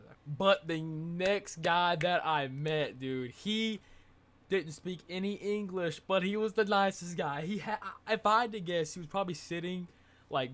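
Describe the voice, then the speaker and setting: A young man telling a casual, rambling vlog story, excitable and full of filler words. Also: a little high. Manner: excitable, rambling, says dude and like a lot. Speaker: vlogger.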